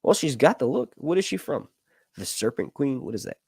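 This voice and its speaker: Animated, jokey young man live-streaming. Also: mid-range voice, a little fast, creaky, breathy edge, no room sound, clean studio sound. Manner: animated, jokey, swears casually, laughs often. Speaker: YouTube host reading viewer chat. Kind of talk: casual live-stream chat.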